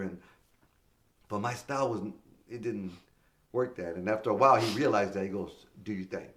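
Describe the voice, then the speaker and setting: A middle-aged man, a stand-up comedian guest, telling casual stories in an interview, acting out quoted voices and swearing freely. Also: on the low side. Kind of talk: casual storytelling in a podcast interview.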